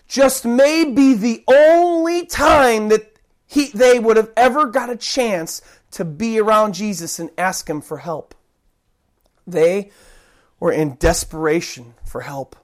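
A preacher giving a sermon, talking conversationally and acting out loud, desperate cries for help. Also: medium pitch. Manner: dramatic, acts out the cries of those he preaches about; conversational, rambling restarts.

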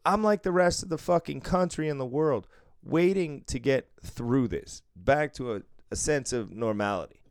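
A man in his thirties tells a work story in relaxed chat, cursing often and slipping into the voices of the people he quotes. His voice is smooth and clear. The sound is dry, with no room echo. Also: medium pitch, moderate pace, hardly any pauses. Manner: profane, animated, acts out quotes. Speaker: casino supervisor telling a story.

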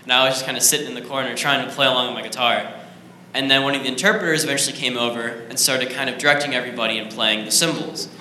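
A man's voice: medium pitch, fairly even intonation, rapid-fire, pushed and bright. A man casually telling a church testimony in loose, laid-back phrasing. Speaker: student sharing a testimony. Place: church sanctuary. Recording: echoey hall, faint noise.

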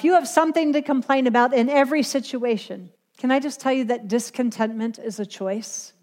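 A woman's voice: sits high, in a large hall. A woman giving a devotional Bible teaching, earnest and confessional, breaking down each word of a verse.

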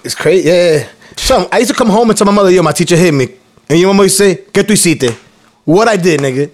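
A man's voice: sits high, lively intonation, quick pace. A young man telling profane childhood stories in a casual podcast chat. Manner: profane, storytelling, laid-back. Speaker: podcast co-host.

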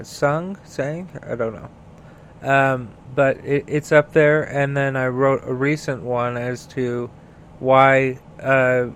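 A man's voice: medium pitch, a little hiss or hum. A man hosting a solo podcast, ranting in a heated, profane and rambling way, full of fillers and restarts. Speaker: podcast host.

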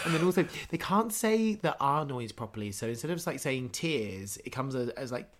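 A man's voice: mid-range voice, big pitch swings, normal speed, hardly any pauses. A man from Norfolk in casual, rambling chat, laughing often. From Norfolk, England.

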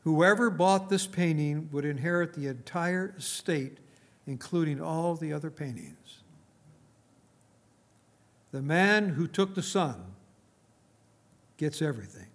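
Told by a man, a persistent auctioneer presses a silent room for bids, his voice pitched a touch high and loud. He keeps on at a slow, deliberate pace, like a storyteller. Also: animated. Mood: solemn. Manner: calls out bids loudly. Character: persistent male auctioneer at an estate sale.

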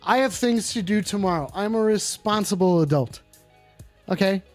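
A man's voice: sits high, normal speed, soft background music. A man hosting a comedic call-in show in character, brash and profane and often repeating himself. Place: indoors at home.

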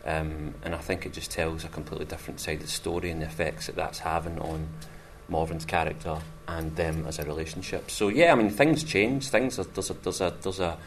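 A man, an actor, talking in an interview in a measured, searching way. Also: sits low, steady tone, a little hiss or hum.

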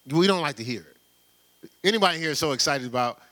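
A man preaching a sermon in a loose, conversational way, full of rhetorical questions and quick laughs. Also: on the high side, expressive, fairly bright tone. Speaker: pastor.

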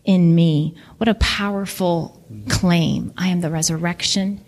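A woman's voice: on the low side, fairly even intonation, measured pace, darkish tone. Earnest woman preaching a sermon. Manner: earnest, reflective, quotes scripture. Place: church.

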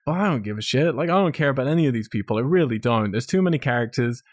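A man's voice: medium pitch, lively intonation, racing, dry recording. Male podcast co-host, blunt and sweary, dry recording. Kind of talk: casual film review chat.

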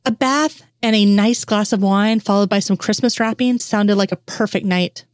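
A woman reading fan fiction aloud in a steady storytelling voice at a middle pitch. She is close to the mic. The sound is dry with no room in it. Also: moderate pace, no room sound. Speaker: reader.

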